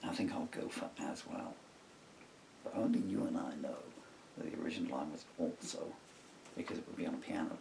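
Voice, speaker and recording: A man's voice: a bass voice, fairly quick, creaky, recorded from a distance, background noise. A middle-aged man, a songwriter, talking to himself in a casual, rambling and digressive way while working at a table at home. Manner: musing, digressive, talks to himself.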